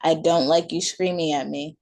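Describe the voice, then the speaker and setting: A woman voicing a patient but firm young mother, gently scolding her child at bedtime. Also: low voice, fairly even intonation, normal speed.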